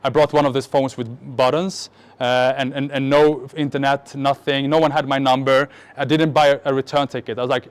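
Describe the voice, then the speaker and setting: A man's voice: mid-range voice, a little fast, clean tone. A man from the Middle East tells a personal story on stage to a live audience, joking and mocking himself, often restarting his sentences. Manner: animated, joking, self-mocking, many restarts. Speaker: speaker at a marketing event.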